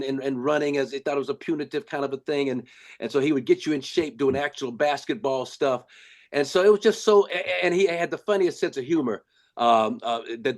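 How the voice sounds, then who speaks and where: An older man from Los Angeles, a former basketball player, telling stories in a casual, animated way with lots of restarts. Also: fairly high pitch. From Los Angeles, USA. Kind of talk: casual storytelling.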